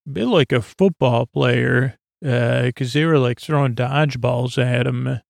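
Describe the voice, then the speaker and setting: A man's voice: medium pitch, measured pace, vocal fry, no echo, clean studio sound. A man hosting a sleep podcast, rambling through a loose story recap with many fillers, restarts and lost threads. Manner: meandering, loses his place, many fillers and restarts. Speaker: podcast host.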